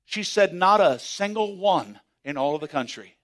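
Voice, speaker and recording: A man preaching a sermon as pastor, swinging from hushed asides to excited shouts. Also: sits high, moderate pace.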